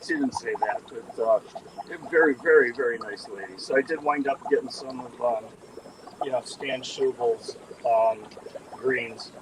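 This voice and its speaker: A man's voice: mid-range voice, moderate pace, noisy background. Rambling man touring his fish tanks. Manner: rambling storyteller, many ums and restarts. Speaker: fish breeder giving a tank tour. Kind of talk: casual chat on a live video call. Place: indoor fish room among aquarium tanks. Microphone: camera mic on a live video call.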